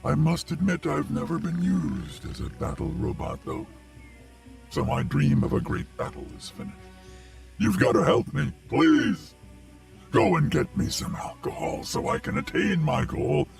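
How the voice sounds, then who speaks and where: A weary old robot warrior for a video game, melodramatic and sorry for himself. His robot-filtered voice is heavily gravelly and swoops wildly in pitch. It sounds set back, away from the mic. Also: sing-song, measured pace, a little mellow, far from the mic, faint music behind, exaggerated voice. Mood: pleading. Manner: melodramatic, self-pitying.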